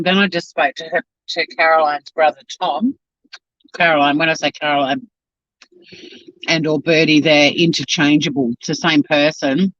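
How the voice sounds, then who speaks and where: A man with a voice pitched a little high chats away on his live-stream, rambling from one thing to the next between bites and talking with his mouth full. The sound is dry and close, with a slightly muffled, lo-fi camera-mic quality. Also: fairly bright tone, dry recording. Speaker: YouTube channel host. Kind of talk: casual live-stream chat while eating. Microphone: home live-stream camera mic.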